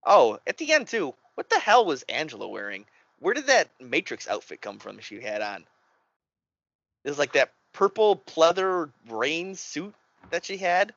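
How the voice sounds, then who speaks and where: A man chatting casually about a movie, animated and quick to swear and react. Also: on the high side, no room sound. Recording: dry, slightly muffled lo-fi audio.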